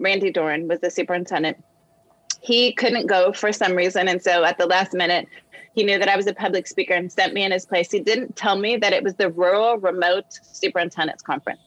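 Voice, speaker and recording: A woman guest on a discussion show, telling a personal story with animated quoted voices. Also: medium pitch, no room sound, poor audio. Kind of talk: storytelling in conversation.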